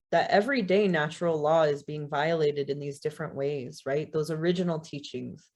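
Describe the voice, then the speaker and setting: Woman telling a story in a talk, lowish voice. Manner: casual, warm storytelling with "you know" and soft laughs. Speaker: guest speaker.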